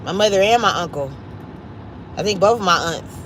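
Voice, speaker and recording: A woman's voice: mid-range voice, expressive, fairly quick, a bit bright, a little hiss or hum, poor audio. A woman from Cleveland hosting a casual livestream, chatty and upbeat, urging viewers to subscribe to friends' channels. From Cleveland, Ohio, US Midwest. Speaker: livestream host. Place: at home.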